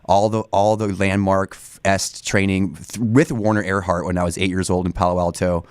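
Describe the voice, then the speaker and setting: Low-voiced man in his forties, rambling. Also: level tone, moderate pace, clean tone, no echo, studio quality. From Northern California. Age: 40s. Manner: rambling, many restarts and fillers. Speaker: studio guest. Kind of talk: casual interview talk. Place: radio studio.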